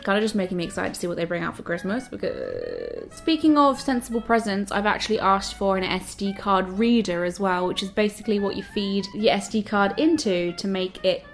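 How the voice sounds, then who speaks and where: A woman's voice: medium pitch, huge pitch swings, brisk, vocal fry, hardly any pauses, soft background music. Bubbly young woman vlogging. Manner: bubbly and self-mocking, talks to the universe. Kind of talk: chatty get-ready-with-me vlog. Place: home, indoors. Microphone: camera mic.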